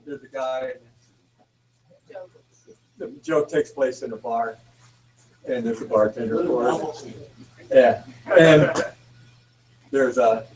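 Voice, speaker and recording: A man's voice: mid-range voice, slow pace, pauses often, distant mic. A man from the audience telling a joke, acting out the voices. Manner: animated, acts out voices in the joke. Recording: roomy, off-mic with faint hum.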